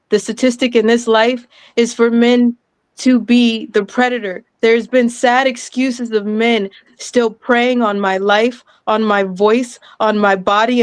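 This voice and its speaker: A woman in her thirties giving an impassioned, emotional speech, loud and breaking into laughter, overwhelmed and apologetic. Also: fairly high pitch, clear, resonant tone, dry recording. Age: 30s. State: sweating, overwhelmed. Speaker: guest speaker.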